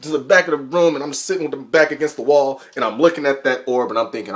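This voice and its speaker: A young man vlogging, telling a comedic story in an animated, jokey, conspiratorial way. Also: medium pitch, quick pace, few pauses. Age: young adult.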